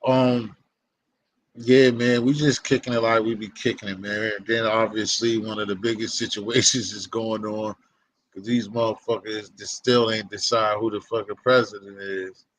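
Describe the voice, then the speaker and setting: A man chatting casually with a friend, loose and relaxed, full of slang. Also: on the low side, moderate pace, poor audio. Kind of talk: casual chat. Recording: faint background noise.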